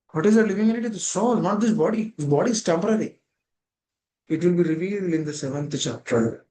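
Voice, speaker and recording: A man's voice: sits high, animated, fast, dark tone, poor audio. A man gives a devotional scripture class over a video call. He keeps asking rhetorical questions and linking ideas with "that means.".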